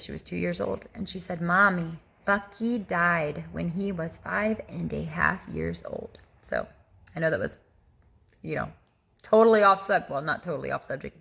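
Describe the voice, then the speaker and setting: Brief: middle-aged woman, low gravelly voice, earnest halting personal testimony. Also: fairly bright tone. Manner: earnest, halting, many restarts and asides. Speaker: testimony vlogger. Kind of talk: personal testimony, casual storytelling.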